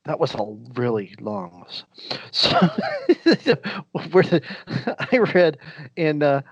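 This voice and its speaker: A man's voice: a little high, wildly swooping pitch, drawn-out words, breathy edge, dry recording, highs cut off. A man hosting a casual podcast, rambling through recaps with frequent laughs. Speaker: podcast host.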